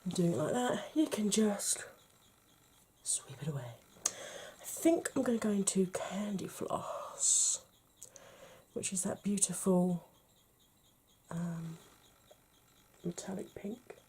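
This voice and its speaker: Soft-spoken woman doing a makeup tutorial. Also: medium pitch, lively intonation, slow pace, pauses often, slight background noise. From United Kingdom. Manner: chatty, often drops to a whisper while working. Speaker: makeup vlogger.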